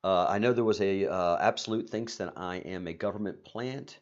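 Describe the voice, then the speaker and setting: A lower-voiced man hosts a casual live-stream monologue, stumbling through fillers and restarts as he rambles. He slips into sarcastic, excitable asides now and then. The sound is dull and lo-fi. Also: moderate pace.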